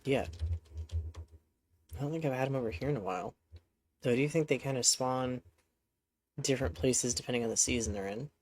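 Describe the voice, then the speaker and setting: A man's voice: medium pitch, a little fast, pauses often, slight background noise. A man streaming a horse game, talking casually to his horses in a rambling, chatty way, with a congested voice. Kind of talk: casual gameplay commentary.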